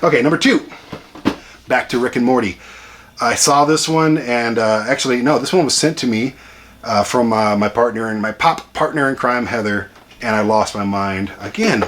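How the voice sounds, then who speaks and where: A man hosting a casual home vlog, chatty and excitable with rambling asides. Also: mid-range voice, normal speed, slight background noise. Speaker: channel host ranking toy collection. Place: home room with a TV.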